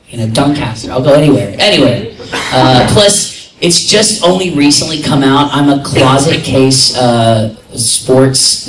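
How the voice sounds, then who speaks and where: A man who is a convention guest, telling lively stories at a panel, laughing often and mimicking voices. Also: mid-range voice. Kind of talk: casual storytelling at a convention panel. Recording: echoey room, somewhat distant, faint noise.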